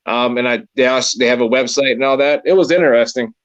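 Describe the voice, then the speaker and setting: A man with a Maryland accent talks through his paranormal investigation plans in a loose, rambling way. His mid-pitched voice comes across dull and dry, with little room sound. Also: quick pace, no room sound. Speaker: paranormal investigator, podcast co-host. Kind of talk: casual chat.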